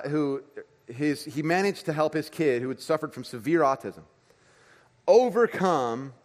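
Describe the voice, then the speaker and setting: Pastor preaching to a church crowd, male voice on the higher side, animated and conversational, long hall reverb. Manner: animated storytelling, swings between loud and hushed. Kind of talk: sermon.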